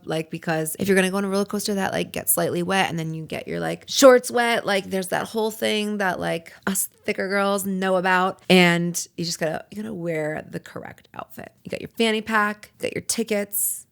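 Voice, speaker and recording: A young adult woman hosting a casual solo podcast, chatty and animated, acting out the inner voices of a nervous beginner. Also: low voice, gravelly. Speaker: podcast host and dance teacher.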